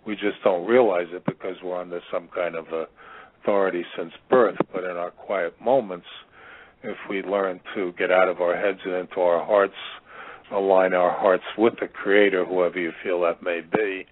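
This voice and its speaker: A man calling in to a radio show, talking earnestly and pausing on fillers. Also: deep voice, fairly even intonation, no room sound. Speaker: caller. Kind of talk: call-in radio talk. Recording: tinny phone line.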